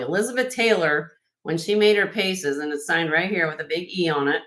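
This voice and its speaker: A woman's voice: lowish voice, lively intonation, quick pace, fairly bright tone, rough recording. A woman with a Midwestern accent hosting a live-stream jewelry sale, chatty and effusive as she shows off each piece. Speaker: host selling vintage jewelry on a live stream. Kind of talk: live-stream sales chat.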